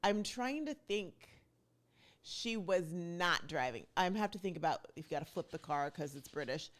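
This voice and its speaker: A woman's voice: lowish voice, expressive, moderate pace. A woman hosting her own vlog in a casual, chatty way, rambling and correcting herself with playful asides. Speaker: vlog host.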